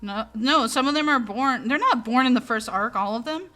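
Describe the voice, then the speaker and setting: A young adult woman hosting a casual stream, talking in an animated, exasperated way with a lot of swearing. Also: a little high, normal speed. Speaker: streamer host. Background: faint music.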